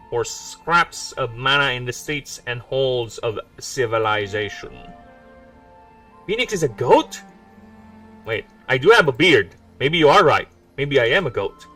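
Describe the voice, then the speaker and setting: His voice is mid-range with a sharp tone. A Filipino indie game developer in his forties, he reads lore casually on a livestream with rambling, self-mocking humor, recorded from a distance with music in the background.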